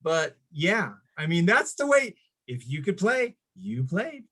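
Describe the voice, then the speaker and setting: Lively storytelling man, high-ish voice. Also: takes it slowly, breathy edge. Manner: animated, jumps into high voices for quoted people. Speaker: guest. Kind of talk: casual storytelling.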